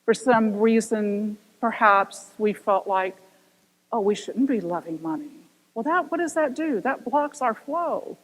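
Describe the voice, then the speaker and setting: An older woman minister giving a sermon, telling stories with animated voices and asking rhetorical questions. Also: on the high side. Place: church sanctuary. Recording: long reverb of a church hall.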